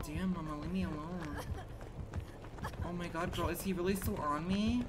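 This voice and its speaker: A man streaming a game live, reacting in an animated, exclamatory way with slangy, profane banter. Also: high voice, moderate pace, long pauses, a little hiss or hum. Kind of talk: live gaming commentary.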